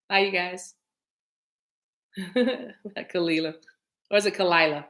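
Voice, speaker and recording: A woman's voice: on the low side, fairly even intonation, a little slow, pauses often, a bit bright. A woman giving a casual livestream tarot reading, chatty and affectionate, often laughing as she talks to her viewers.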